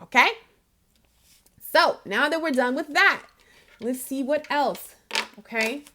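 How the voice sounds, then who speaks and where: A woman with a high voice gives a casual spiritual reading. She is chatty and emphatic, and laughs often. She speaks right to the listener with encouragement. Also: slow pace, noisy background. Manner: encouraging, addresses the listener directly. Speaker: intuitive reader.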